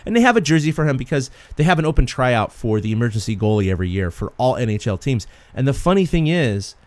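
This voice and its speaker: A man co-hosting a sports podcast, an animated storyteller who laughs often in casual chat. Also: mid-range voice, fast, no room sound. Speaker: podcast co-host.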